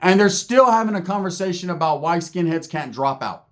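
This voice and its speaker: A man's voice: high-pitched, animated, fairly quick. A middle-aged man casually telling a profane prison-life story, acting out the people he quotes. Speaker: storyteller guest.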